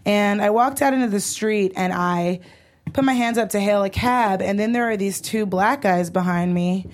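A young woman co-hosting a live show, telling stories in an animated way, acting out what people said and swearing freely. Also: medium pitch, moderate pace. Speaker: co-host. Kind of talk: storytelling chat on a live show.

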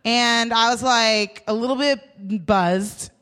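Young woman, high voice, casual storyteller who jumps into character voices. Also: takes it slowly, smooth. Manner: animated, swearing, acts out voices in her stories.

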